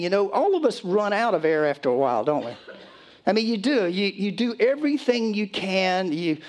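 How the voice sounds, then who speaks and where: A middle-aged man preaching a sermon as pastor, reading scripture slowly and deliberately, then talking to the congregation in a conversational way. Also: fairly high pitch, a little mellow.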